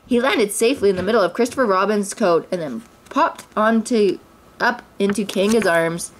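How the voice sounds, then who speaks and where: A mother reading a children's storybook aloud with clear, expressive narration. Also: medium pitch, moderate pace, slight background noise.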